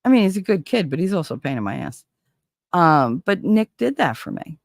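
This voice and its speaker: A woman's voice: fairly low pitch, sing-song, fairly quick, dry recording. A middle-aged woman with a New Jersey accent, hosting a casual livestream chat in a candid, profane, chatty way. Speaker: livestream host.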